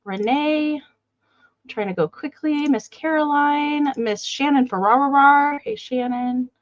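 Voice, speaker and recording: A woman's voice: sits high, slow pace, no echo, dull audio. A woman hosting a live online sale, chatting casually and greeting viewers by name. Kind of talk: casual live-stream chat.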